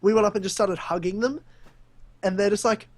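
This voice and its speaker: Young Australian man, high voice, animated storyteller, dry close sound; podcast co-host spinning anecdotes. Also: fairly quick, dry recording. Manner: animated storyteller, laughs often. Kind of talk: casual storytelling chat.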